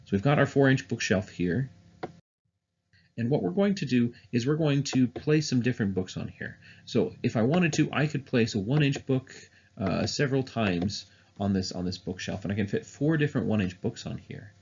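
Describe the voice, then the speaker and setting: A man's voice: medium pitch, animated, normal speed, darkish tone, slightly rough, highs cut off. A man teaching music theory in a recorded online lesson, explaining step by step with frequent "uh" and "um" fillers.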